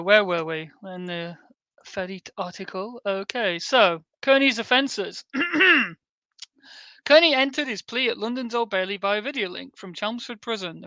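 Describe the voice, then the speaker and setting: Male streamer, crisp bright voice, dry mic, reads text with sarcastic sweary interjections. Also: high voice, no echo, lo-fi sound. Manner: sarcastic, sweary asides while reading. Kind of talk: reading an article aloud with commentary.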